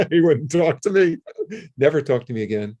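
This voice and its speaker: An older man, a guest in an interview, telling a story in a casual, animated way and acting out the phone calls in it. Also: fairly high pitch, husky. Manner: animated, acts out his own and others' phone calls.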